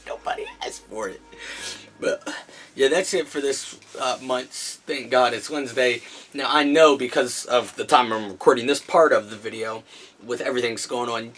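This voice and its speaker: Animated man recapping comics. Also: medium pitch, normal speed, slight background noise. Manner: animated retelling, acting out characters' lines. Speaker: comic book review host. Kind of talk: casual chat recapping comics.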